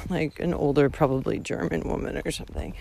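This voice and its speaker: A young woman hiking vlogger ranting outdoors into her phone, swearing constantly and swinging between shouting and muttering. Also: deep voice, brisk, creaky, no echo. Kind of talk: profane ranting monologue. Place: outdoors on a coastal hiking trail.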